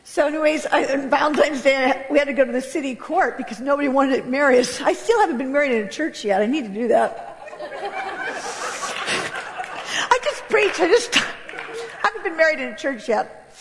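A woman giving a candid, animated church testimony, laughing often as she speaks. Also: sits high, a little fast, big-room sound, noisy background. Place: church hall.

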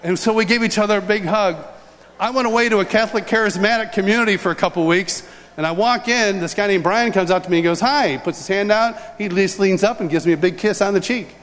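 Guy with a high voice telling a funny story to a crowd, acts stuff out, echoey big room. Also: quick pace. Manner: animated, acts out scenes and voices. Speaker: speaker telling a personal testimony. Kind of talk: humorous storytelling talk. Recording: large hall reverb, faint ambience.

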